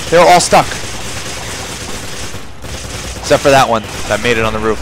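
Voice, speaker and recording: A man commentating a video game playthrough, swearing constantly and shouting when panicked. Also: fairly high pitch, fast, hardly any pauses, noisy background. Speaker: gamer. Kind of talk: profane let's-play commentary. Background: game music and sound effects.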